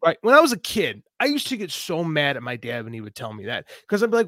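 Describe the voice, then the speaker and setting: A man co-hosts a podcast in a fairly high voice, heated and preachy as he makes his point. The sound is dry and close, with no room echo. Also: very animated, racing, hardly any pauses, fairly bright tone. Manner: impassioned, preachy, talks through stories. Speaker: podcast co-host. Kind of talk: casual chat.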